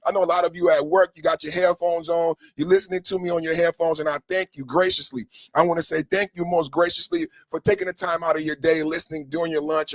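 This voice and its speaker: A man's voice: sits high, no echo. A man hosting a podcast with hype-man energy, chanting catchphrases and slipping into sing-song rhymes. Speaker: podcast host. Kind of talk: hyped podcast monologue.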